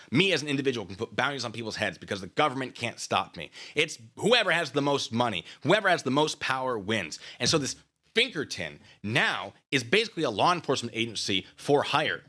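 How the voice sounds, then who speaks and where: Sarcastic guy ranting on his channel, bright voice, pitch bouncing all over. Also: sing-song, brisk. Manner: taunting, sarcastic, goading. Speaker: channel host. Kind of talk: ranting commentary to camera.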